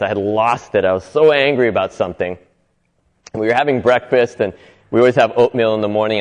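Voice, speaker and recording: A man talks earnestly and reflectively, sharing stories as the host of a motivational talk. His pitch sits in the middle range. A long reverb hangs behind his voice. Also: a little mellow. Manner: earnest, acts out quoted voices, laughs often.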